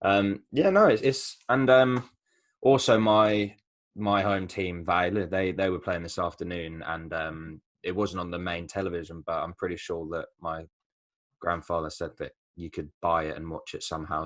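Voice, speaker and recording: Deep-voiced laid-back bilingual co-host. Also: male voice, steady tone, moderate pace. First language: Danish. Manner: laid-back, dry humour, says "mate" a lot. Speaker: podcast co-host. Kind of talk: casual chat.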